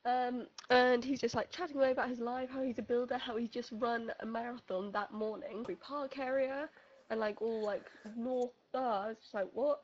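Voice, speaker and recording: A young woman telling friends a funny story in casual chat, animated and laughing, acting out voices as she goes. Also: on the high side, normal speed, muffled recording, a little hiss or hum. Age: young adult.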